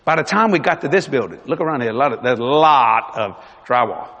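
A man preaching a sermon as pastor, animated, swinging between loud and hushed. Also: medium pitch, brisk, muffled recording. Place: large church hall. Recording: long reverb of a large hall.

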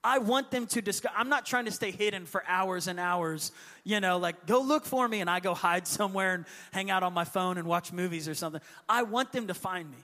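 High, bright-voiced man preaching in an echoey hall. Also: fairly quick. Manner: lively storyteller who acts out his kids' voices. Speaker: pastor. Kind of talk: sermon with personal storytelling. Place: church hall.

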